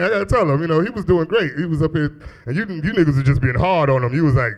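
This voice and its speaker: A man's voice: fairly high pitch, quick pace. A man in his thirties doing a loose, profane stand-up set in a small club, teasing the crowd and laughing at his own jokes. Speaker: stand-up comedian. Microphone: handheld stage mic.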